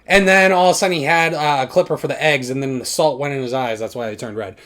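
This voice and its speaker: A young man hosting a casual podcast chat, talking in an animated way and bursting into shouted impressions when he retells scenes. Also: mid-range voice, quick pace. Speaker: podcast host.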